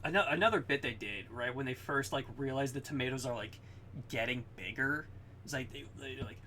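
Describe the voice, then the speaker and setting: Young male podcast co-host, bright tone, excitable and sweary, acts out quotes, faint room noise. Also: mid-range voice, a little fast. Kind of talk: casual chat.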